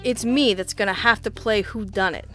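Woman voicing a gruff male police lieutenant, growling, blunt, scolding, audiobook. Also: mid-range voice, normal speed, a bit bright, soft background music, close to an everyday voice. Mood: exasperated.

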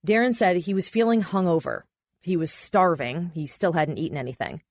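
A woman reporter and podcast host, telling a court story in measured, matter-of-fact scripted narration. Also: on the low side, lively intonation, a little mellow, no room sound.

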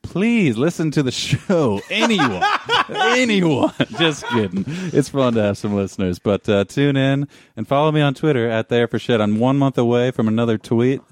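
A man's voice: mid-range voice, lively intonation, normal speed, hardly any pauses, a little mellow, no echo. A man hosting a comedy podcast, wry and laid-back, wrapping up with plugs. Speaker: podcast host. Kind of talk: improvised comedy banter.

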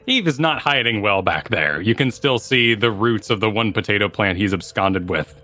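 A man's voice: lowish voice, lively intonation, moderate pace, sharp tone, soft background music. A man narrating a tabletop game as game master, with vivid descriptive detail.

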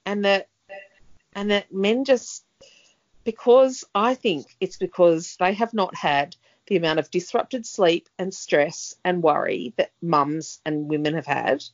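A woman's voice: lowish voice, lively intonation, measured pace. A middle-aged woman, co-hosting a casual chat and rambling with many fillers. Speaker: podcast co-host. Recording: dull lo-fi sound.

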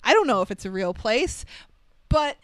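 A woman's voice: fairly high pitch, sing-song, normal speed, no room sound. A woman co-hosting a podcast, casually recapping a film with wry asides and frequent laughter. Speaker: podcast co-host.

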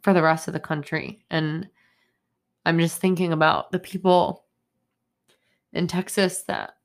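A woman's voice: low-pitched, fairly even intonation, unhurried, gravelly. A young woman hosting a solo podcast, rambling stream-of-consciousness style with many fillers, upset and indignant as she talks. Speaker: podcast host. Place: home in Boston.

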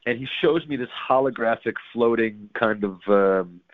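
A man's voice: on the low side, moderate pace. A man telling a story in casual chat, swearing freely and acting out the voices in it. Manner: animated, swearing, acts out voices in his stories. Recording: tinny phone-like line.

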